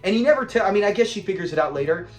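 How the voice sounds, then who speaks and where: A man casually reviewing a classic sitcom episode, animated and laughing often as he acts out scenes. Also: sits high, rapid-fire, echoey room, faint music behind. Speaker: show reviewer.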